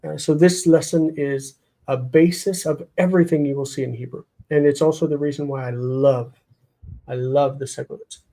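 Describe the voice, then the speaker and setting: A man's voice: a little high, steady tone, warm tone, poor audio. Man teaching Hebrew grammar live. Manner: explains, repeats words slowly, reads out comments. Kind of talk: live online lesson.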